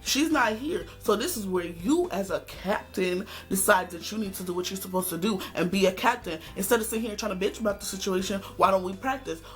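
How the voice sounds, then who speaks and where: A woman vlogger tells a story straight to the camera, animated and sassy, and acts out every quote. Her voice sits at a middle pitch. Faint music plays underneath. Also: fast, hardly any pauses. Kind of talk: casual storytime vlog.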